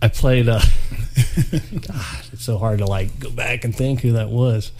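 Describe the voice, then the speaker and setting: A man chatting as a podcast guest, telling stories in a relaxed, rambling way. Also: medium pitch, a little slow, a little hiss or hum. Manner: easygoing, rambling storyteller. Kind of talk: casual chat.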